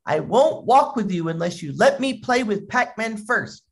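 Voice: mid-range voice, animated, moderate pace, pitched above the performer's own voice, lightly acted. A speaker voicing a spoiled little boy who shrilly demands things at once. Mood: demanding.

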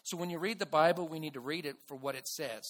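A man preaching a sermon to his church in an earnest way, with restarts and bursts of loud emphasis. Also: on the high side, fast talker. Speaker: pastor.

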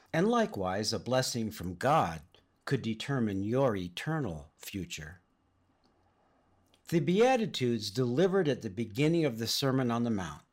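A middle-aged man from Southern California delivers a sermon, weaving in a personal story. His speech is earnest, and his pitch rises and falls freely. He speaks at an average pitch for a man. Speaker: preacher.

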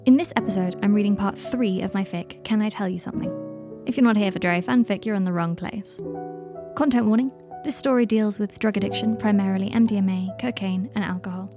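A woman hosting a podcast and reading her own fiction aloud in a calm, even manner. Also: mid-range voice, fairly quick, music in the background. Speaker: podcast host and fanfic reader.

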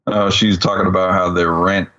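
A man's voice: sits low, level tone, normal speed, sharp tone. A man co-hosting a podcast, chiming in with short plot details in a casual chat. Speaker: podcast co-host. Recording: dull lo-fi audio.

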